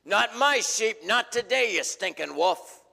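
A man voicing a brave shepherd who stands between the wolf and his sheep, speaking slowly and firmly. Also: high-pitched, lively intonation, gravelly, pushed and bright, pitched above the performer's own voice, exaggerated voice. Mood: defiant. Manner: slow, firm and defiant.

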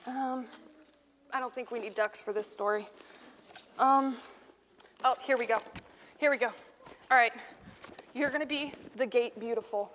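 High-voiced woman teaching kids. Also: a little slow, pauses often, big-room sound, a little hiss or hum. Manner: playful, animated, laughing often. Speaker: Bible class teacher. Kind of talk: acting out a Bible story with children.

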